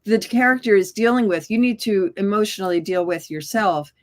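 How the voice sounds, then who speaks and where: A woman, an actor guest on an interview show, explaining her approach in a measured way. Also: medium pitch. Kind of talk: casual chat.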